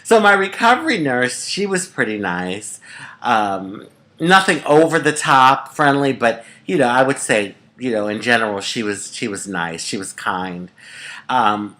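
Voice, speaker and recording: A middle-aged woman from the United States telling a personal story to camera in a chatty, expressive way, often calling the listener honey. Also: very deep voice, measured pace. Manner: chatty and expressive, calls viewers honey, swoops up for emphasis. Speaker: vlogger.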